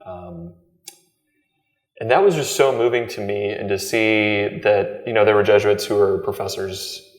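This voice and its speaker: A man in his thirties, a Jesuit guest, telling his story in a halting, reflective way full of ums and repeated words. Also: on the low side. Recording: echoey room with long reverb.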